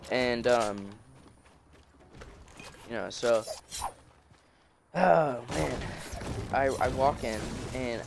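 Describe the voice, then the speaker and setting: A man's voice: mid-range voice, very slow, gravelly, pauses often, noisy background. Young man rambling through a storytime. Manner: rambling, many restarts and fillers. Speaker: storytelling vlogger. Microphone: phone screen recording.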